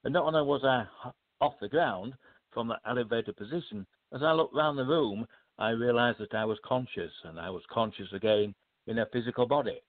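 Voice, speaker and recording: An older man with a British accent, a guest author telling his life story in a modest, measured way with hesitant fillers. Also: medium pitch. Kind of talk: storytelling in a casual interview. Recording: tinny phone-like line.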